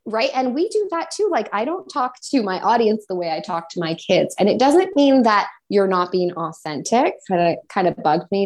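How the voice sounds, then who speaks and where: Woman voice coach talking it through, slips into little put-on voices to show stuff. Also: mid-range voice. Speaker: voice coach, co-host. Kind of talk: casual live chat.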